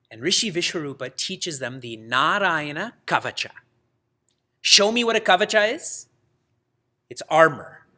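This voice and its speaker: A man teaching a religious class in a lively way, asking his students questions and laughing often. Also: fairly high pitch. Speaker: spiritual teacher.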